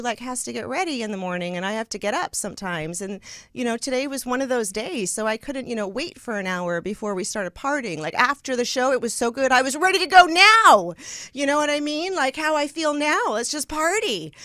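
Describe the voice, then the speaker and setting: A woman's voice: a little high, fairly bright tone, no room sound, clean studio sound. Bubbly, giggly woman talk show host. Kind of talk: casual chat.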